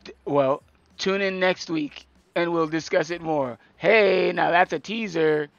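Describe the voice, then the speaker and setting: A man's voice: fairly high pitch, a little slow, gravelly, dry recording, lo-fi sound. A man co-hosting a casual podcast chat, teasing and laughing often. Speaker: podcast co-host.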